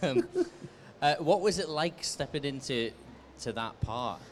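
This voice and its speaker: A man's voice: mid-range voice, animated, measured pace, slight background noise. A man moderating a convention panel, asking the guest brief, easygoing questions. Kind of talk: interview questions.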